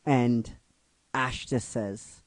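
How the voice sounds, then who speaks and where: A man retelling a fan-written story in an emotional storytelling recap, halting and restarting his phrases. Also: mid-range voice, fairly even intonation, dry recording, low-quality recording. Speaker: narrator retelling a fan script.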